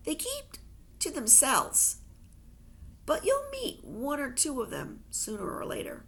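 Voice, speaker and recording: A woman reading a novel aloud, voicing a calm, knowing girl with frizzy hair. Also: sits high, unhurried, voice pushed up, exaggerated voice.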